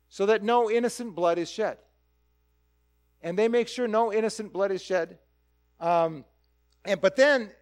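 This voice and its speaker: A man preaching a conversational sermon, animated and full of rhetorical questions. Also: high voice. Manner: animated, asks rhetorical questions, acts out quick quoted voices.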